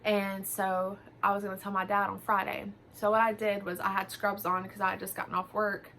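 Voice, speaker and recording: Chatty young woman with a creaky voice. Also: medium pitch, flat delivery, brisk, fairly bright tone, slight background noise. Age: young adult. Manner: chatty, full of fillers and quoted dialogue. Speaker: vlogger. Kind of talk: casual story time.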